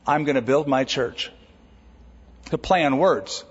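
A man preaching a sermon as a pastor, lively and conversational, with jokes along the way. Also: mid-range voice, measured pace, husky. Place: church auditorium. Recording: dull recording with long hall reverb.

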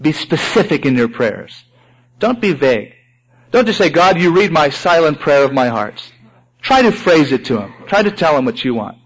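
A man preaching a sermon, animated, acting out sample prayers in raised voices. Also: on the high side, normal speed, husky. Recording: dull lo-fi recording.

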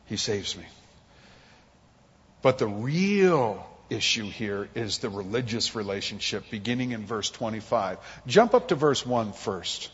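A man's voice: on the low side, unhurried, slightly rough, big-room sound, highs cut off. A man preaching a conversational sermon, acting out quotes and jokes from his family life. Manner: animated, conversational, acts out quotes. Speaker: pastor. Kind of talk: expository sermon.

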